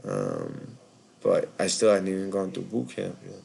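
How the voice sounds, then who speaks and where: A man's voice: sits low, wildly swooping pitch, unhurried, creaky, darkish tone, slight background noise. A tired man with a Boston accent hosting a live call-in show, rambling casually with lots of filler words.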